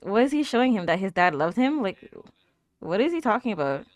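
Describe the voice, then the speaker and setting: Lively young woman reacting to a show. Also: mid-range voice, fairly quick, no echo. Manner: chatty, exclaims and laughs, talks back at the screen. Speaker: anime reaction host. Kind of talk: casual reaction commentary.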